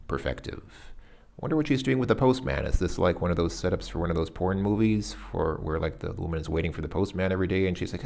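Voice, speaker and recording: Low creaky man thinking aloud. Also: expressive, a little mellow. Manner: hesitant, searching, self-correcting; sounds out foreign words haltingly. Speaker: language lesson host. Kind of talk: thinking aloud through a workbook exercise.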